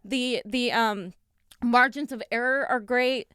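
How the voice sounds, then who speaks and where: A woman's voice: on the high side, steady tone, slow pace, sharp tone, clear, resonant tone, no room sound, studio quality. Earnest woman co-hosting a live stream. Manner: earnest and urging. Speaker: political show co-host. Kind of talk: casual live-stream chat.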